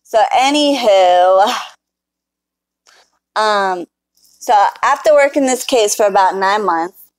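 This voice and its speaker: A woman's voice: mid-range voice, lively intonation, takes it slowly, pauses often, no echo, low-quality recording. A woman casually telling a story to her viewers, blunt and full of swearing. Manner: profane, blunt, talks straight to viewers. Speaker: spiritual worker telling a client story. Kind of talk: casual storytelling to a live chat.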